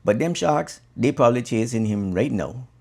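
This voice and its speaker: A man's voice: mid-range voice, animated, moderate pace, vocal fry, darkish tone, pitched above the performer's own voice. A man voicing a laid-back male Bahamian bonefish guide, talking with an easygoing, amused drawl.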